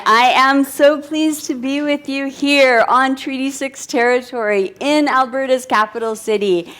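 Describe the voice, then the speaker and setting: A woman's voice: sits high, fairly even intonation, measured pace, few pauses, a bit bright. A woman giving a formal welcome speech at an event, gracious and poised. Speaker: guest speaker at demo day.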